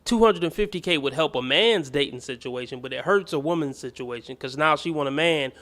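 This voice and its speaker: A blunt male commentator with a fairly high voice. He talks down to the clips he plays, scornful and profane. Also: a little fast, a bit bright. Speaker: host. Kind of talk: reaction commentary.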